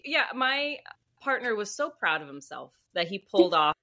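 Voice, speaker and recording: A woman author, a podcast guest, telling a story in a chatty, animated way with lots of fillers. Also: medium pitch, normal speed. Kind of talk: casual podcast interview storytelling.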